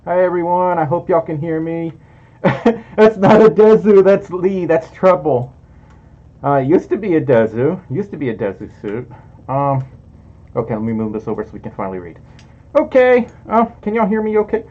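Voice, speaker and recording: A man's voice: a little high, very animated, normal speed, mellow. A man hosting a casual livestream, chatty and giggly, reading out donations through a muffled mic. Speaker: livestream host. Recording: muffled lo-fi audio.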